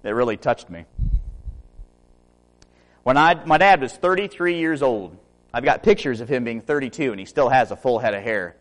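A man's voice: mid-range voice, expressive, normal speed, long pauses, a bit bright. A man in his early thirties, a preacher, delivering a sermon full of self-mocking stories and humor. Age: 30s.

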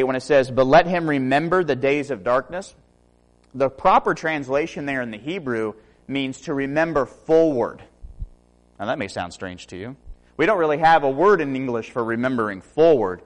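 A man's voice: medium pitch, lively intonation, normal speed. A man in his early thirties, a preacher, delivering a sermon full of self-mocking stories and humor. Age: 30s.

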